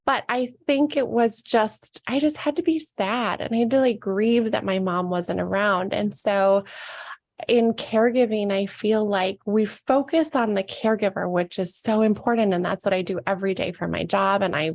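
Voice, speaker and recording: A woman's voice: medium pitch, moderate pace, no room sound. A woman in her thirties, a podcast guest, telling a personal caregiving story in casual chat, emotional and laughing through tears.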